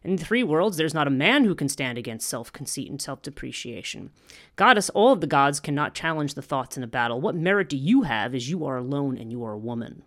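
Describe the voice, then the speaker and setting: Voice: mid-range voice, expressive, fairly quick, a bit bright. A speaker reading the part of a scornful male demon ambassador in a scripture passage, with little change from their own voice. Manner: scornful, challenging.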